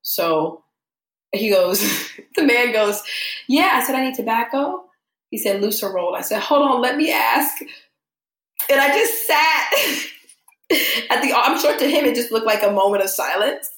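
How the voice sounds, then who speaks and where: A woman's voice: on the high side, a little slow, long pauses, roomy sound. A young adult woman telling a story in casual chat, acting out the voices of the people she quotes. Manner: animated, acts out quoted voices. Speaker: podcast guest.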